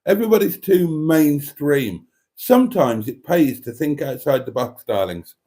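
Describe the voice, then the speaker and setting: A man's voice: fairly high pitch, animated, a little slow, warm tone. A middle-aged man hosting a livestream, chatting casually and rambling through jokes and viewer comments with many fillers. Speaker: livestream host.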